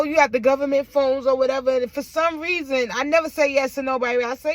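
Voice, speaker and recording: A woman's voice: sits high, fairly even intonation, normal speed, no echo. A woman telling a personal story on her vlog, emphatic and blunt, with frequent asides to her viewers. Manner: blunt and profane. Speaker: vlogger.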